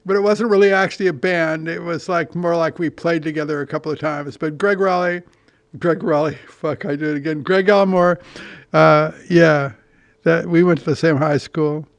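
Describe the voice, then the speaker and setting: High, smooth-voiced older man rambling. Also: fairly even intonation, normal speed, no echo. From California. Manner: meandering, profane, self-deprecating storytelling with many restarts. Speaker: podcast host. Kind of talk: rambling monologue.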